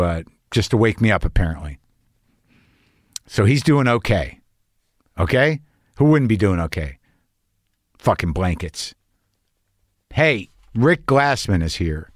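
A man's voice: on the low side, no room sound, studio quality. Rambling, profane male comedy podcast host. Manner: rambling, anxious, profane, self-mocking. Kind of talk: comedic monologue and casual chat.

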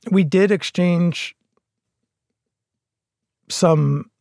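A middle-aged man talking in a casual podcast conversation, earnest and halting, with frequent restarts. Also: high voice, gravelly, darkish tone, no echo, studio quality. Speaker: podcast guest.

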